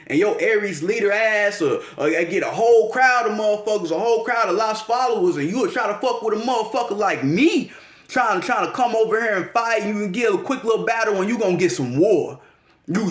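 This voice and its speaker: Man, slangy and profane astrology vlogger, slightly high voice, roomy echo. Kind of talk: casual monologue.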